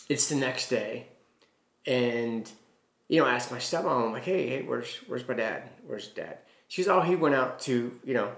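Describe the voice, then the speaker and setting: A middle-aged man talks casually to camera, circling back on himself with fillers and restarts. His voice sits at an ordinary pitch. The room around him is noticeably echoey. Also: fairly bright tone. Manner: rambling, many fillers and restarts. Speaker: healing practitioner.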